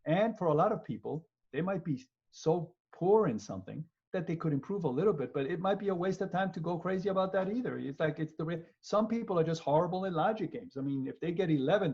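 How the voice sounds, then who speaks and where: Husky, animated male law professor. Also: fairly high pitch. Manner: animated, joking, repeats words, acts out people. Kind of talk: lively webinar lecture. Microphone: video call. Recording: muffled webinar audio.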